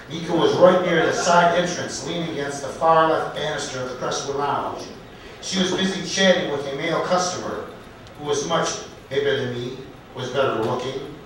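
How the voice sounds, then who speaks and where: A man at an open mic night in a comedy club, telling a story in a halting, deliberate way and correcting himself as he goes. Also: a little high, fairly bright tone, a little hiss or hum. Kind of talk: storytelling stand-up set. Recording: echoey club recorded from far off.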